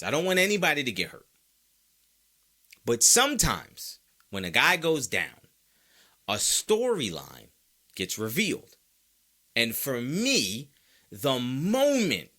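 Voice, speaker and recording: Man, sports podcast host, casual, lively swinging pitch, very bright forceful voice, playful mock voices. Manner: animated, playful, mock-quotes fans in exaggerated voices. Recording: mic close by.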